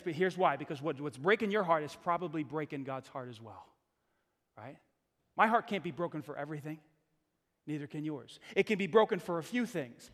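High-voiced pastor preaching in a reverberant hall. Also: male voice, fairly bright tone. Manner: conversational, emphatic preaching with repeated phrases. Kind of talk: sermon.

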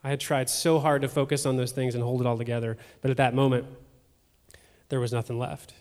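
A man sharing a personal testimony at a church service, speaking in a halting, emotional way with fillers and repeated words. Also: mid-range voice, little pitch movement, darkish tone. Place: church sanctuary. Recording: long hall reverb.

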